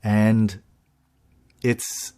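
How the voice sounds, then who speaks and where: A man co-hosting a podcast, chatting in an animated way with laughs and restarts. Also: lowish voice, very slow, smooth. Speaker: podcast co-host. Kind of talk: casual chat. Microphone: podcast microphone.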